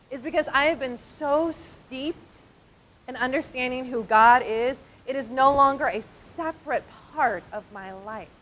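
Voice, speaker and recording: A woman in her forties, a diaconal minister, giving an animated conversational talk at a church conference. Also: high voice, slight background noise, low-quality recording. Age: 40s. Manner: animated and conversational, often asking "right?". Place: conference hall.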